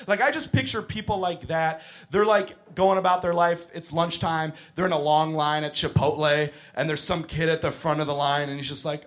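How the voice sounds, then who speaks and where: A man doing a stand-up comedy set on a club stage, animated and breaking into shouted impressions. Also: fairly high pitch, brisk.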